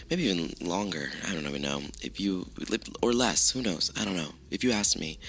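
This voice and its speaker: A man hosting his own podcast, chatting casually with lots of swearing and self-mockery, his voice rough with morning allergies. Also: low voice, expressive, normal speed, hardly any pauses, fairly bright tone. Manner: chatty, profane, self-mocking. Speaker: podcast host. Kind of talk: casual solo podcast chat.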